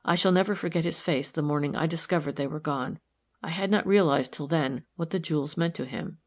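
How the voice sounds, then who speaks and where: A woman reading the part of an anxious, guarded wife who speaks in a hushed, hesitant way, in an audiobook. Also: deep voice, brisk.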